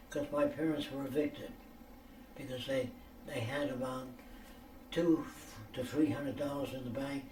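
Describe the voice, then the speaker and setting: A man's voice: medium pitch, darkish tone, slight background noise. An older American man telling stories in a rambling, lecture-like way, blunt and profane, often checking whether listeners understand. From United States. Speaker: speaker answering questions. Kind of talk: rambling lecture-style storytelling. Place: private room for a question session. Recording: echoey room, mic at a distance, faint ambience.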